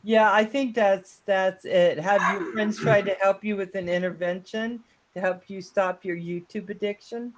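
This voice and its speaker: A man's voice: high voice, fairly even intonation, moderate pace. A man hosting a casual online chat show, talking in a rambling, chatty, self-deprecating way. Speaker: host.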